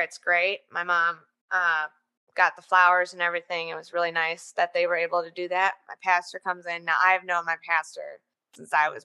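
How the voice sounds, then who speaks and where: A woman, likely in her thirties, hosting a podcast and telling a personal story in a chatty, animated way with joking asides. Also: fairly low pitch, clean tone. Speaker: podcast host.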